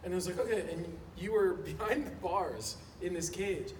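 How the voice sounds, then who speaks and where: A man's voice: high-pitched, normal speed, a little mellow. Easygoing man in an echoey hall. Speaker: actor panelist. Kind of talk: panel anecdote. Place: large convention hall. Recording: echoey convention hall from far off. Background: ambient hall noise.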